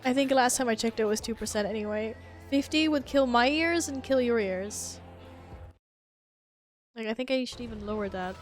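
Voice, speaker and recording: A woman's voice: a little high, normal speed, long pauses, faint music behind. A woman streamer in casual chat, swearing, laughing and reading chat messages aloud.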